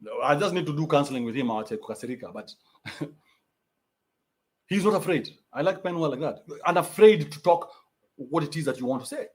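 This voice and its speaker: A man's voice: a little high, expressive, a little fast, pauses often. A young adult man with a Kenyan accent, ranting bluntly in a profane, mocking livestream. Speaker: commentator. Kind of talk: livestream rant.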